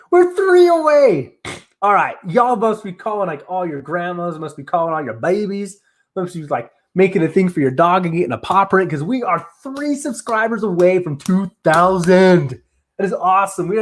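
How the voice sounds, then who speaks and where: A man hosting a casual live stream, talking in an excitable, rambling way full of "like". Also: high-pitched. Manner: excitable, rambling, heavy use of "like". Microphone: streaming setup on camera.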